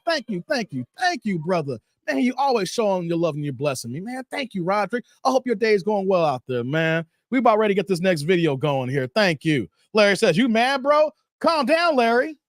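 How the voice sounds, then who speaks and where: A man's voice: sits high, very animated, fast, few pauses, dry recording, clean studio sound. A man hosting a live stream and reading chat comments, talking in a teasing, playfully exasperated way.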